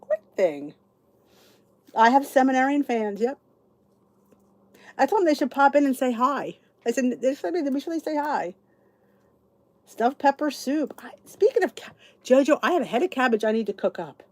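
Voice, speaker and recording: A middle-aged woman from New Jersey hosts a relaxed live chat, greeting viewers by name and laughing easily as she talks. Her voice is warm and mellow. The sound is dry and close, with no room echo. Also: high-pitched, moderate pace, long pauses. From New Jersey, USA. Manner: chatty, answers viewers by name, laughs often. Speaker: channel host. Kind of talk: casual livestream chat.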